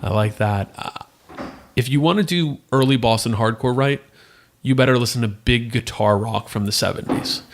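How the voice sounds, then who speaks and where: A man co-hosting a podcast, chatting in a relaxed, agreeable way about records. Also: mid-range voice, normal speed, slight background noise. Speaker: podcast co-host. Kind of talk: casual chat about hardcore records.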